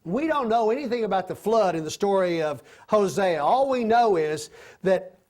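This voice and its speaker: A man's voice: high-pitched, lively intonation, moderate pace, a little mellow. A man teaching a Bible lesson to a class in a conversational way, often putting questions to his listeners. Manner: conversational, asks the class questions, acts out quoted voices. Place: classroom with a board.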